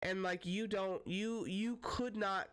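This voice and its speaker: A woman's voice: medium pitch, steady tone, slow, clear, resonant tone. A young woman giving casual reaction commentary as host, emphatic and blunt, swearing casually.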